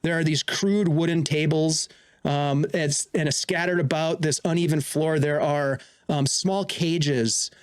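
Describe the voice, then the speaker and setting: Unhurried man narrating a tabletop game. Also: fairly high pitch, steady tone, clean tone. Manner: unhurried, searching for words. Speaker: dungeon master.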